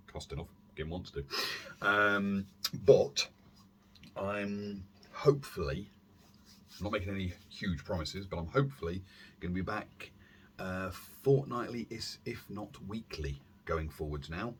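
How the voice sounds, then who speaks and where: A man hosting a casual airsoft gear vlog from his warm room at home, rambling along with self-deprecating asides and filler words. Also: sits low, a little hiss or hum. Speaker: airsoft YouTube channel host. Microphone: camera on a stand.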